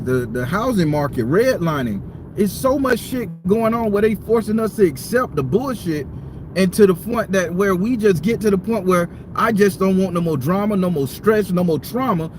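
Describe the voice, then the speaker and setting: Male host, high-pitched, fired-up and cursing through a live-stream rant from his parked car. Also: noisy background. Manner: heated, profane, repetitive venting. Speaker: tarot reader and channel host.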